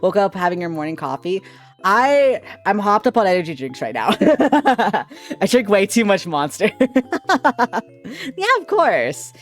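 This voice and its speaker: A young man chatting on a live stream as a VTuber, excitable, giggly and rambling, with a lot of laughter. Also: high-pitched, unhurried, faint music behind. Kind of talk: casual live-stream chat.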